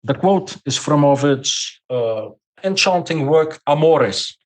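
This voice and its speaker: A man from Portugal, not a native English speaker, has a slow, expressive, slightly high voice with a Portuguese accent. He gives long explanations as a podcast guest, frequently repeating words as he gathers his thoughts.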